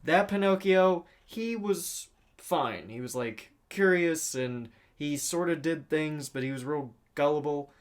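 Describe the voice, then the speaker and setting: A man's voice: a little high, measured pace. A man co-hosting a casual movie review podcast, talking in a laid-back, rambling way with plenty of swearing. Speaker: podcast co-host.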